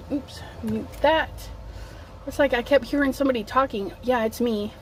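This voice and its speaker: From her home, a middle-aged woman livestreams crafts on her phone, talking casually while setting up and reading comments from viewers. Her voice is high and moderately paced, allergies leave her a little sniffly, and there's slight background noise.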